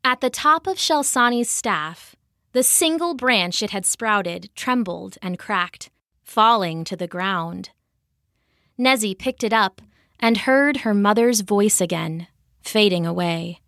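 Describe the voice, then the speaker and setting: A woman narrating a children's fantasy story in an expressive, measured way. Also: mid-range voice, dry recording, studio quality.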